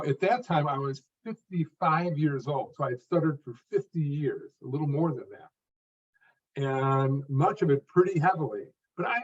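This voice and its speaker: A man's voice: on the high side, a little mellow, distant mic, muffled recording. An older man explaining how he learned to speak, talking in distinct phrases and stressing a word near the end of each. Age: 50s or older. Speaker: stuttering coach and guest. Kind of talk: interview answer, explaining his method.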